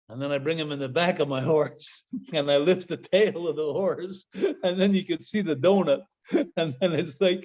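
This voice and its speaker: A man telling stories as an interview guest, animated, laughing often and repeating words. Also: fairly high pitch, moderate pace. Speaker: guest, former pro wrestler. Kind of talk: casual interview storytelling. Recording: dull lo-fi sound.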